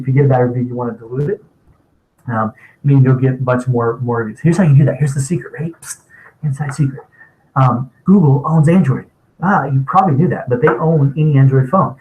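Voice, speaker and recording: A man's voice: medium pitch, a little mellow, rough recording. A man presenting a marketing webinar, talking casually and bluntly, with lots of fillers and restarts. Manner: rambling, chatty, blunt, many fillers and restarts. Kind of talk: casual spoken webinar teaching.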